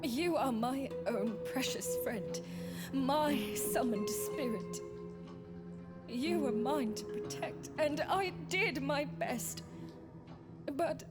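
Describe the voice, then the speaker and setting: A woman's voice: medium pitch, animated, takes it slowly. A woman voicing a devoted, possessive old friend in a visual novel, speaking in formal, old-fashioned phrases that sink into whispers. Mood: pleading. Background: game soundtrack music.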